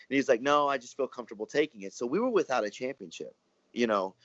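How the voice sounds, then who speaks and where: A man, a wrestler telling stories in a relaxed interview, rambling and acting out what others said. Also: mid-range voice, quick pace, no room sound. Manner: rambling, animated, acts out quoted dialogue. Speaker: professional wrestler and guest. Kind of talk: casual storytelling interview. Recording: dry, muffled lo-fi audio.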